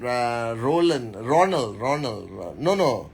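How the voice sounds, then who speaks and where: A man hosting a live stream, greeting viewers by name and giving a motivational talk in an energetic, casual way. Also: medium pitch, slightly rough. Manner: energetic, reads names quickly, speaks directly to the audience. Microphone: phone.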